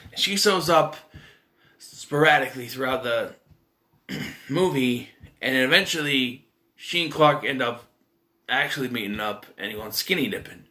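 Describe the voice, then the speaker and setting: Animated rambling man reviewing a movie. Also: fairly high pitch. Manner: rambling, animated, lots of restarts and filler. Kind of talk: casual solo movie review.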